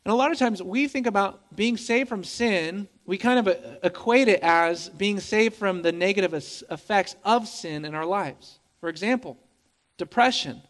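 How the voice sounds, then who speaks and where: A man with a notably high voice preaches to his congregation. He keeps it conversational and animated, tossing in wry jokes and stumbling over repeated words as he builds his point. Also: normal speed. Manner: lively, conversational preaching with humorous asides; emphatic, repeats words as he speaks. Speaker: pastor. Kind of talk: sermon.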